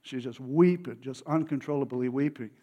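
A man preaching, telling a story of his own testimony in an emotional, animated way with many restarts. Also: medium pitch, normal speed, dull audio.

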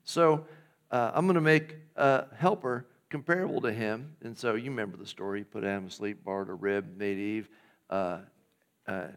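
A man preaching a sermon as pastor, conversational and jokey, acting out quoted lines in a casual voice. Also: on the low side. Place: church.

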